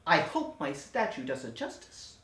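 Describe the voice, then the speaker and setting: A woman's voice: deep voice, huge pitch swings, moderate pace, fairly bright tone, full character voice. A woman voicing a pompous, theatrical villain professor who insults her henchman. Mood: scheming. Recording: echoey room, distant mic.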